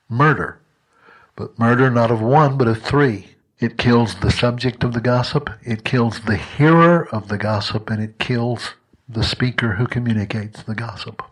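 A man delivers a sermon in a husky, slightly breathy voice at a middle pitch. He speaks conversationally and earnestly, often restarting his phrases as he works through a story, then pressing his points with emphasis. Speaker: preacher.

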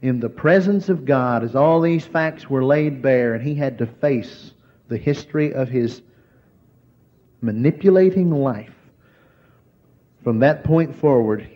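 A man preaching a sermon. He slows down to stress key words and drops to a hushed voice when he tells a story. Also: mid-range voice. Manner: slow, emphatic preaching that drops to a hushed voice for stories. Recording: dull lo-fi recording.

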